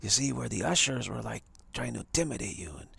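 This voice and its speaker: A man's voice: medium pitch, lively intonation, quick pace, creaky, a bit bright, husky, no room sound. A man on a live stream, telling a long hypothetical story in a rambling way with many restarts. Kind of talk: storytelling monologue. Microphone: home setup for a live stream.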